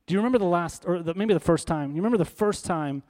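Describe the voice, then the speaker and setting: Conversational pastor preaching, slightly high voice. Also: male voice, fast, darkish tone. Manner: conversational, emphatic preaching with rhetorical questions. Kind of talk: sermon.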